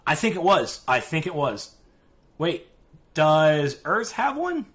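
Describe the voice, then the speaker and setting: A man with a Southern US accent hosts a laid-back gaming podcast. His voice sits a little high for a man, and he talks in a loose, chatty way. His words slur together into a mumble now and then. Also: big pitch swings, takes it slowly, a bit bright. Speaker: podcast host. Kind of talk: casual gaming podcast chat. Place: live-streamed podcast.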